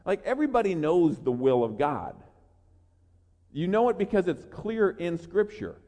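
High-voiced preacher echoing through a hall. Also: male voice, normal speed. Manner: energetic, earnest preaching with repeated words. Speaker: pastor. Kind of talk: sermon. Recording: long reverb of a large hall.

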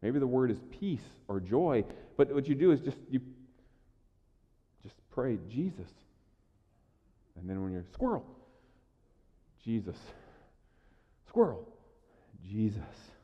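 A man's voice: medium pitch, lively intonation, moderate pace, long pauses. Pastor guy preaching, chatty, stumbles and repeats words, big echoey hall, kinda muffled. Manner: conversational, stammers and repeats words, swings between loud and quiet. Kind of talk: sermon. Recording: echoey hall, dull lo-fi sound.

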